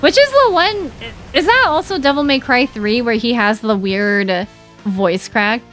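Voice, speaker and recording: A woman's voice: a little high, normal speed, faint music behind. Chatty, giggly young woman streaming a game. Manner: chatty, giggly, animated, with many fillers like "like". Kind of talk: casual chat while livestreaming a game.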